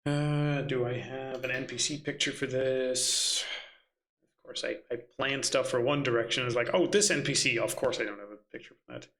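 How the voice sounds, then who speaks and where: A man's voice: mid-range voice, steady tone, moderate pace, a bit bright. A man running a tabletop game, muttering and swearing to himself as he hunts for his notes. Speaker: game master.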